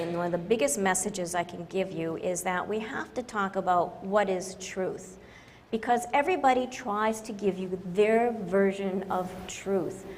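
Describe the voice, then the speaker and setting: A woman consultant addresses a conference audience in a joking, self-deprecating way, hitting her points with emphasis. Her voice rings in a large hall with long reverb. Faint background noise hangs under it. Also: medium pitch. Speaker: conference speaker, business consultant. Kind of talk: humorous conference talk.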